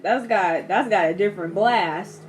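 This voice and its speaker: A young woman giving a casual movie reaction, animated, laughing often and acting out characters in quick voices. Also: mid-range voice, over music. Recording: steady background noise.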